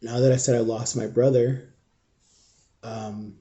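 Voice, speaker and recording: A grieving, shaken man talking straight to camera in an emotional storytime vlog, halting and raw, often sinking to a near whisper. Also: mid-range voice, little pitch movement, warm tone. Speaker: vlogger.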